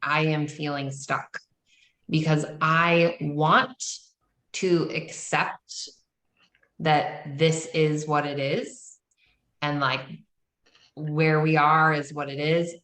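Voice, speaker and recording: A woman on a group call, sharing candidly and haltingly, with many pauses and fillers. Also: low voice, flat delivery, fairly bright tone. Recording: echoey room.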